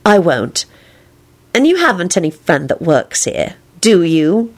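A thoughtful young woman with a soft, wistful voice that rises and falls a lot, sometimes turning stern, as a woman narrator voices her. She sounds like a heroine in a storybook read aloud, close to the reader's own voice. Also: on the low side, very animated, measured pace.

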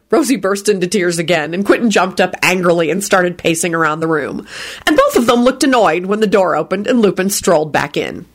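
A woman's voice: on the low side, animated, brisk. A woman narrating a story aloud and voicing all the characters herself. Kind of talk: fan fiction reading.

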